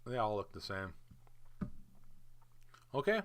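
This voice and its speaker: Hyped, slow-talking man with bright tone. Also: lowish voice, smooth. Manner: chatty, hyped, talks to charts. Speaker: crypto market video host. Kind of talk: casual screen-share commentary.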